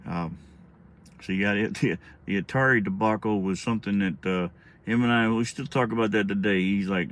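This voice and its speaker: A man's voice: fairly low pitch, normal speed, a bit bright. A middle-aged man telling a rambling, profane story in a casual vlog. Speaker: storyteller vlogger.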